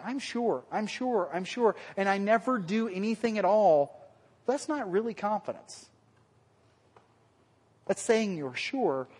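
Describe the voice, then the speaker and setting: A male pastor giving a conversational, self-deprecating sermon to a congregation and putting questions to them. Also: high-pitched. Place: church hall with a congregation. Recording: long hall reverb.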